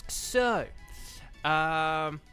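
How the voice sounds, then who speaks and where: A man's voice: a little high, lively intonation, very slow, bright, forceful tone, clean tone, soft background music. An English man chatting casually to his viewers while playing a game, rambling and easily sidetracked, with lots of ums and restarts. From England. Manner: chatty, distractible, full of fillers and restarts. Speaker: streamer. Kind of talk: casual livestream chat while gaming.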